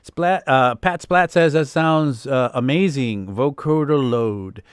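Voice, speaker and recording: A man's voice: fairly high pitch, takes it slowly, smooth, no room sound, studio quality. A man hosting a live music production Q&A over a video call, rambling with many fillers and restarts. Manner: rambling, full of fillers and restarts, laughs easily. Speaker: host.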